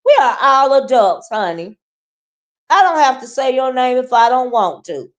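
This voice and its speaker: A woman's voice: high-pitched, sing-song, normal speed. A woman with a Southern US accent giving sassy, confrontational commentary straight to camera, punctuating her points with "okay?" and "right?". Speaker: YouTube commentary host. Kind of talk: casual ranting commentary.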